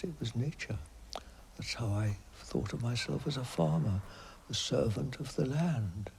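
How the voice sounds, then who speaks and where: A man speaking in a reflective interview, slow and hesitant with many pauses, his phrases trailing off into a breathy near-whisper. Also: mid-range voice, a little mellow, slight background noise. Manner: thoughtful, with many pauses and fillers.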